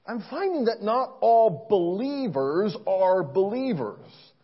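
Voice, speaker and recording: A man preaching a sermon in an earnest, storytelling way, swinging between soft asides and loud emphasis. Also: high-pitched, sing-song, slow, husky, lo-fi sound. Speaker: pastor.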